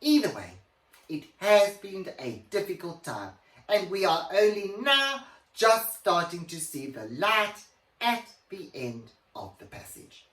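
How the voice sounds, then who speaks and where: A man's voice: high-pitched, big pitch swings, unhurried, fairly bright tone, pitched above the performer's own voice, full character voice. A man doing a pompous grande dame. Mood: haughty. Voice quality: grand, theatrical, swooping delivery. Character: pompous posh older English woman podcaster. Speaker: podcast host character. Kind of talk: comedic character monologue. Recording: roomy, distant mic.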